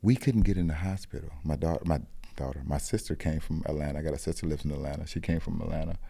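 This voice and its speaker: A corner store owner from Rock Island, Illinois, in the US Midwest, guests on a podcast and tells personal stories with earnest reflection, often restarting what he's saying. He talks fast in a rumbling low, gravelly voice that is warm and slightly rough, recorded dry.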